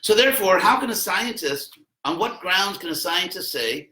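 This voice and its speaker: Male teacher, bright and energetic, conversational lecture to students in an echoey classroom. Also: sits high, moderate pace, hardly any pauses. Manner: conversational, jokey asides, acts out quotes with a raised voice. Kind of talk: informal philosophy lesson to students.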